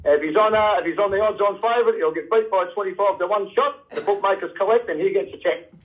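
An older Australian man rambles on a call-in radio show and drops "mate" into nearly every sentence. He talks quickly, and his voice sits a little high. The sound is dull and lo-fi, like a phone line. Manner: rambling, says "mate" constantly. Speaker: radio caller. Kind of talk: casual radio chat.

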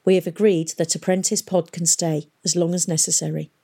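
A woman voicing a kindly elderly male historian in a storybook reading, gentle and soothing. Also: lowish voice, little pitch movement, fairly quick, creaky.

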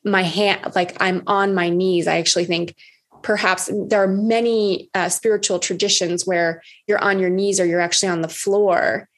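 A woman's voice: fairly low pitch, fairly even intonation, normal speed. A woman coach in a candid conversation who swears freely and acts out her own past words. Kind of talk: casual conversation.

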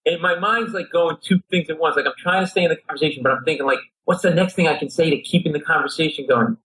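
A man, a comedian, telling a comic story on a podcast in an excitable way that keeps jumping into high, shouted asides. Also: fast, poor audio. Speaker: comedian guest.

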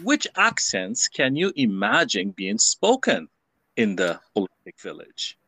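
A man's voice: fairly low pitch, wildly swooping pitch, unhurried, vocal fry, pushed and bright, no room sound. Hesitant male interviewer, dry sound. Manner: hesitant questions with many ums and uhs. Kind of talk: conversational interview.

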